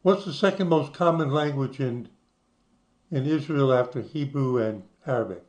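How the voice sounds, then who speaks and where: A man's voice: medium pitch, normal speed, darkish tone. An older man from the United States who talks you through websites in a casual screen-share, spelling things out letter by letter. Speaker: channel host.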